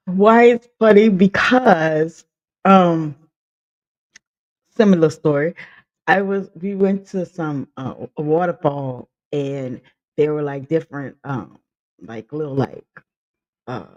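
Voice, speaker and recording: A man's voice: fairly high pitch, a little slow, muffled recording. A man streaming and reacting to clips, rambling with many fillers and laughing along. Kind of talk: casual reaction chat.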